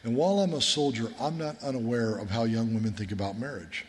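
A man's voice: medium pitch, fairly quick. A man, a military chaplain, preaching a sermon in an earnest, folksy storytelling manner. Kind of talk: sermon with war stories. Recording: long hall reverb.

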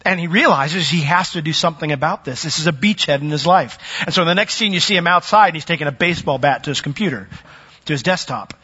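Male pastor, bright higher voice, emphatic sermon delivery with dramatic drops; muffled recording. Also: fast talker, slightly rough. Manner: swings from loud emphatic peaks to soft low asides.

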